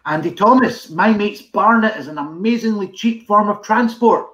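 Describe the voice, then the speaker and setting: A man's voice: sits high, moderate pace, fairly bright tone, muffled recording. A man reading out audience jokes on a video call, laughing often as he goes. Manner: laughs a lot, reads jokes aloud. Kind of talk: casual online comedy chat.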